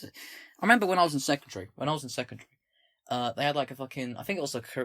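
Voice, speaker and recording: A man's voice: mid-range voice, expressive, very fast, a bit bright, no room sound. Sweary young man reading with asides. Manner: sweary, stumbles while reading, self-mocking asides. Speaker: political commentator. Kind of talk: reading aloud a document with commentary.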